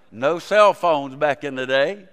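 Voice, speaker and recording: Pastor, folksy storyteller turned fervent preacher, clear ringing voice, church hall echo. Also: male voice, fairly high pitch, fairly bright tone. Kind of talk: sermon. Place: church sanctuary.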